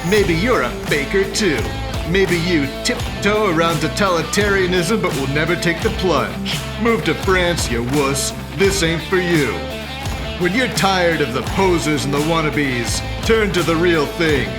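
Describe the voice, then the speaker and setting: A man voicing a mocking male campaign ad announcer with a punchy sales-pitch delivery. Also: measured pace, close to an everyday voice. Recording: voice over guitar music.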